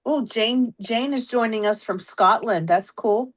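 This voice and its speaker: A woman's voice: a little high, a little slow. Chatty Pittsburgh woman hosting a live stream. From Pittsburgh, USA. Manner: chatty, greeting viewers by name. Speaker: host of a live stamping stream. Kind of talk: casual live-stream chat.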